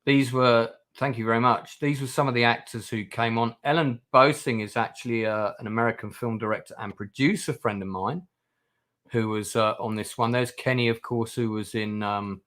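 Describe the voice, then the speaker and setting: A man's voice: mid-range voice, steady tone, moderate pace, a bit bright. A man hosting a livestream, chatting casually with guests, with lots of fillers and restarts. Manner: rambling, many fillers and restarts. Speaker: channel host.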